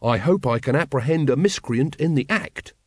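A man's voice: medium pitch, lively intonation, normal speed, darkish tone, slightly rough, no echo, studio quality. A man voicing a zealous, earnest young recruit who takes everything literally.

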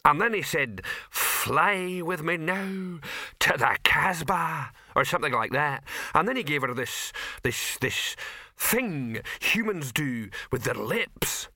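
A man voicing a gruff male troll, a film extra, talking bluntly and grumbling. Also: fairly high pitch, expressive, slow pace, sharp tone, no echo, voice pushed up, full character voice. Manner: blunt, plain-spoken, grumbling.

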